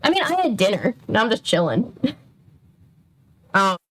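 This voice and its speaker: A woman's voice: medium pitch, big pitch swings, measured pace. A woman in her twenties hosting a casual read-aloud stream at home, chatty and self-interrupting, laughing often as she reads. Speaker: channel host. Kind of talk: casual reading with live chat.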